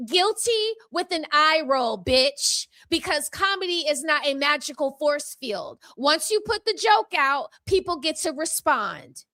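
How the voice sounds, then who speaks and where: A high-pitched woman with a bright, forceful voice, delivering a heated vlog commentary. She talks in a sassy, emphatic way, handing out verdicts like a mock courtroom. Her sound is close and dry, with no room echo. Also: sing-song, measured pace, few pauses. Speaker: channel host. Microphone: microphone.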